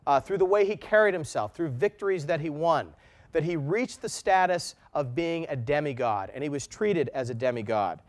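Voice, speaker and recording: A middle-aged man teaching a recorded history lesson in an earnest, measured lecturing manner. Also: a little high.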